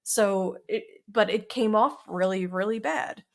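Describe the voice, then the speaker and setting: A woman's voice: medium pitch, a little slow. Brief: woman co-host, mid-range voice, thoughtful and a little hesitant. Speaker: podcast co-host. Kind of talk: casual chat.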